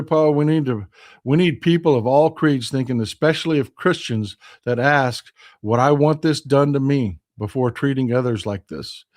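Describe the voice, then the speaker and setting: A man with a Texan accent hosting a casual political live stream, reading viewer comments and swinging from loud outrage to quiet, hushed replies. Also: on the high side.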